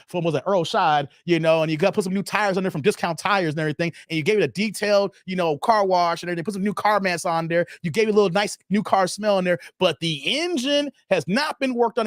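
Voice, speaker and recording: A man's voice: high-pitched, dry recording, studio quality. A middle-aged man hosting a livestream, reading chat comments and joking loosely with viewers.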